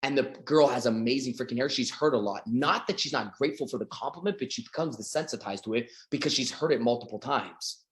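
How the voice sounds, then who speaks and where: A man giving an energetic motivational sales training talk as a coach, acting out little scenes. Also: medium pitch, fast talker. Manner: energetic, acts out little scenes with quoted voices.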